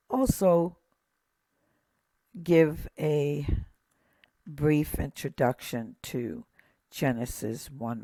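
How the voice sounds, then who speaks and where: Slow, patient Hebrew teacher. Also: medium pitch, warm tone, no echo. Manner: methodical, points things out one by one; patient, pauses with fillers. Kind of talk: slow lesson.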